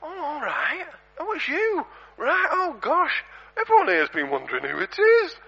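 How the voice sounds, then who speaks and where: A man's voice: extremely high pitch, wildly swooping pitch, measured pace, vocal fry, pushed and bright, voice pushed up, exaggerated voice. A man voicing a woman in a church front row, chatting offhand on her phone in a raised voice. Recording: dull lo-fi recording.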